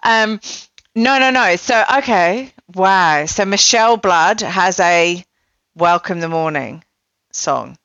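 A woman's voice: fairly low pitch, expressive, slow, a bit bright, no room sound. Woman podcast host, rambling and chatty, lo-fi dry recording. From not Australian. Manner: chatty, self-deprecating, many fillers. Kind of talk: casual chat. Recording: dull dry lo-fi sound.

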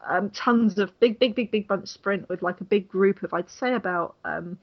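A woman's voice: medium pitch, moderate pace, highs cut off. A woman chatting casually about a race, rambling with lots of restarts and fillers. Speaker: cycling reporter. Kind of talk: casual chat.

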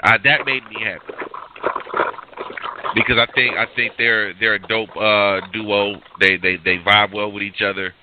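A man co-hosting a casual chat about battle rap, slangy and halting, stumbling over his words. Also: fairly low pitch, steady tone. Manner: slangy, halting, full of fillers and restarts. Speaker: podcast co-host. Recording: tinny phone-like line with faint hiss.

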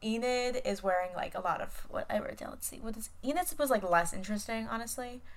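A woman's voice: a little high, fairly quick. A young woman co-hosting a casual podcast, rambling through a recap with filler words and playful swearing. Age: young adult. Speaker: podcast co-host. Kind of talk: casual chat.

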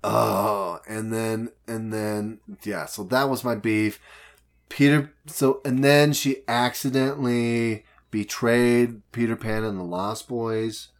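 A man co-hosting a casual chat, recapping a movie and acting out its characters in quick voice shifts. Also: fairly low pitch, fairly even intonation. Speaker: podcast co-host.

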